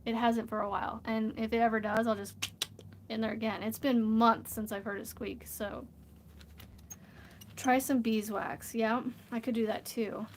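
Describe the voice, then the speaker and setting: A woman talks casually and rambles on a crafting vlog, laughing often as she goes. Her voice sits a little high. A faint hiss runs under the recording. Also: little pitch movement, normal speed. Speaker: crochet vlogger. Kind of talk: casual livestream chat while crafting.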